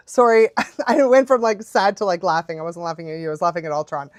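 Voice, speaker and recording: A woman's voice: on the low side, animated, quick pace, darkish tone, no room sound. A young adult woman chatting casually on a live stream as a dog trainer, bubbly and laughing often.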